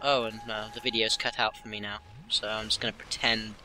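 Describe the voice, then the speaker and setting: A man's voice: lowish voice, little pitch movement, fairly quick, over music. A man making dry wisecracks as a co-commentator on a game playthrough. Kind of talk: gaming commentary banter.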